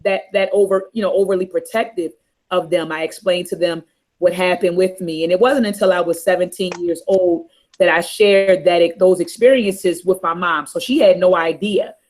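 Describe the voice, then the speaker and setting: A middle-aged woman on a talk panel, telling a personal story in a candid, earnest and softly emotional way. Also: fairly low pitch, moderate pace. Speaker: panel host.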